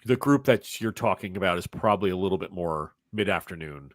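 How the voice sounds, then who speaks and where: A man's voice: low-pitched, animated, a little fast, no room sound, clean studio sound. A man running a tabletop game as game master, narrating scenes with chatty, self-mocking asides.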